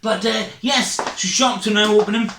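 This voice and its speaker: Breathless, jittery Scottish comedian. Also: male voice, high-pitched, fairly even intonation, moderate pace, creaky, background noise. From Scotland. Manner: hyper, rambling, self-mocking. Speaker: stand-up comedian. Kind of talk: online stand-up set. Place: his home. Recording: echoey room, far from mic.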